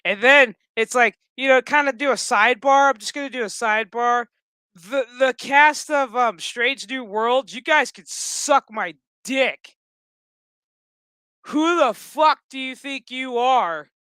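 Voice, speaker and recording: A man streaming a TV review as a furious, foul-mouthed rant with loud outbursts. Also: very high voice, a little slow, clean tone, no echo, studio quality. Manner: heated, swearing constantly, loud outbursts. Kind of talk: profane angry rant.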